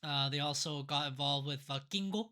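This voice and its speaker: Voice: mid-range voice, normal speed, pushed and bright. A podcast co-host recapping wrestling events in a casual, rambling way, with frequent fillers and restarts.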